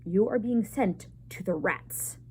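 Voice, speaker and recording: A pompous elder mouse judge pronounces sentence in a booming, stern voice, as a woman puts him on. The tone is mellow and warm, with a faint hum behind it. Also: takes it slowly, lightly acted.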